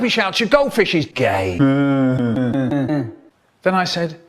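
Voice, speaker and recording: An older man reciting comic poems and stories in a theatrical manner, his voice swooping between whispers and shouts. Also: medium pitch, very animated, takes it slowly, pauses often. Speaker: storyteller. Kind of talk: chopped-up comic poem recital.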